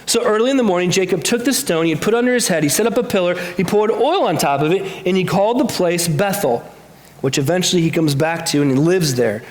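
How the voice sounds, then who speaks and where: A man's voice: high voice, expressive, quick pace, reverberant. A man preaching a sermon in church, talking conversationally and asking rhetorical questions. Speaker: pastor. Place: church sanctuary.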